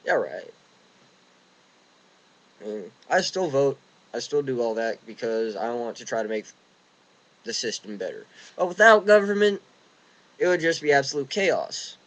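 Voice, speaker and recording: A man's voice: mid-range voice, big pitch swings, measured pace, pauses often, a bit bright, low-quality recording. A young man ranting casually and indignantly, rambling with restarts, recorded outdoors in the wind. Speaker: vlogger. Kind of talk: casual rant.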